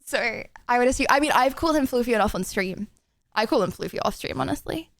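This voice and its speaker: A woman's voice: fairly high pitch, lively intonation, no room sound, clean studio sound. A young woman streaming live, chatting in a rambling, giggly way. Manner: giggly, rambling, talks fast. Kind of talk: casual live-stream chat.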